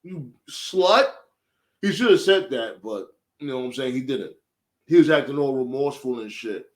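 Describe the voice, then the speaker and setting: A man giving a casual, animated, profane recap of a show, full of slang. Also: medium pitch, brisk. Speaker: show reviewer.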